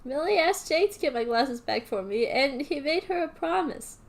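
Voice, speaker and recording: Woman reading a shy nerdy teen boy, hesitant, self-doubting, high voice. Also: expressive, moderate pace, vocal fry. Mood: calm. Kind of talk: reading fan fiction aloud.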